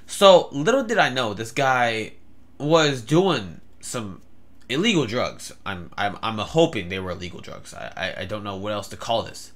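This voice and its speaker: A man's voice: lowish voice, big pitch swings, measured pace, a bit bright. A young man telling a story in a rambling vlog, with many fillers and stammered restarts. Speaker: vlogger.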